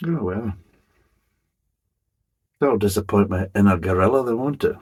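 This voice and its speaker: A man's voice: on the low side, unhurried, a little mellow, slightly rough. A middle-aged man reviewing a beer in a chatty, rambling way, swearing casually as he goes.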